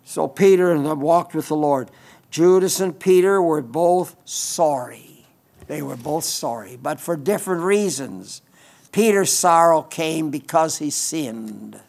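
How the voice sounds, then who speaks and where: A man's voice: fairly high pitch, lively intonation, measured pace, gravelly, darkish tone. A man preaching a sermon in an earnest way, often repeating phrases for emphasis.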